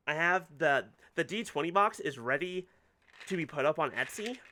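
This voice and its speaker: A chatty game streamer talking through a playthrough, wandering off topic and laughing easily. The voice swings up and down a lot and sounds bright. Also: medium pitch, animated, moderate pace, a little hiss or hum. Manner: chatty, rambling, laughs often. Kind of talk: casual let's-play commentary.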